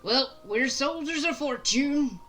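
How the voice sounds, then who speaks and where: A woman voicing a boisterous old male pirate captain, reading game dialogue aloud in character with a loud, swaggering storyteller's manner. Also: high voice, expressive, takes it slowly, voice pushed up, heavily acted, poor audio.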